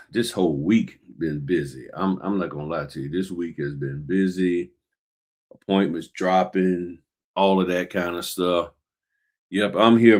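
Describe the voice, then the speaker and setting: A man hosting a casual livestream about the notary business, slightly winded, greeting viewers by name while he works on paperwork. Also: deep voice. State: a little winded.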